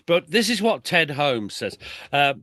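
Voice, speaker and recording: A man from Chesterfield, England, a military historian telling wartime stories in an animated, conversational way. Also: a little high, a little slow, dry recording, clean studio sound. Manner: lively, reads veterans' accounts aloud with emphasis.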